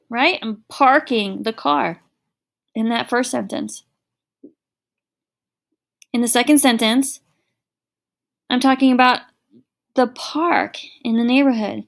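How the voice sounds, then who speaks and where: A woman's voice: a little high, vocal fry. A middle-aged woman teacher giving a recorded online lesson, explaining patiently with everyday examples.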